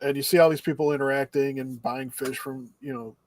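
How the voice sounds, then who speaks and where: On a casual podcast, a male co-host briskly recaps anime episodes in a rambling way, performing the characters' lines himself. His medium-pitched voice stays fairly even, with slight background noise behind it.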